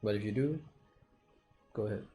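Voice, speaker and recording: A man's voice: fairly low pitch, moderate pace, warm tone, rough recording. A male player in a tabletop game, speaking politely and hesitantly, often restarting his words. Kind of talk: tabletop role-play.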